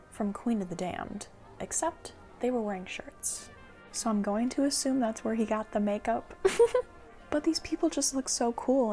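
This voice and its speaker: A young woman in her twenties telling a casual storytime vlog, animated, with laughs and whispered asides. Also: fairly high pitch. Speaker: storytime vlogger.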